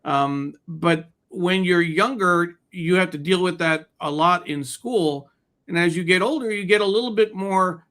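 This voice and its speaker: A man's voice: high-pitched, normal speed, a bit bright. A man co-hosting a casual news discussion, thoughtful and hesitant, with many fillers. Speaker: co-host.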